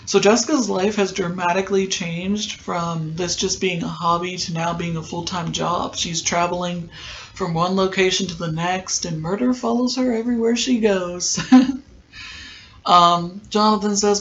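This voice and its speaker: A podcast host talks through a TV episode in a loose, casual recap, stopping often for filler ums. The pitch sits in a middle range. The recording is a little dull, with a faint hiss behind it. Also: fairly even intonation, normal speed, fairly bright tone. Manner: rambling, many filler ums.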